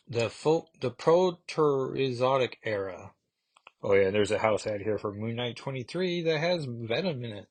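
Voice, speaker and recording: Rambling podcast host reviewing comics. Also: male voice, mid-range voice, expressive, slow pace, no room sound. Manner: rambling, self-correcting, thinks aloud. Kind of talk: casual comic book review.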